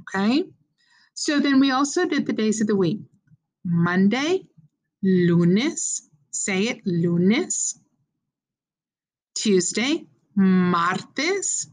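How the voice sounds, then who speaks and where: A woman teaching a beginner Spanish lesson, slowly modeling words and prompting learners to repeat after her. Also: medium pitch, sing-song. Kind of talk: call-and-response language lesson.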